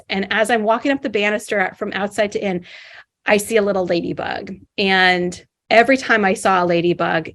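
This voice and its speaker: Woman guest, mid-range pitch, lively casual storyteller who acts out inner dialogue. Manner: animated, acts out her inner voices. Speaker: podcast guest.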